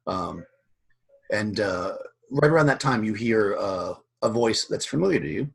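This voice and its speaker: Male game master, low husky voice, loose rambling narration. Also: measured pace. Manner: relaxed, rambling with fillers.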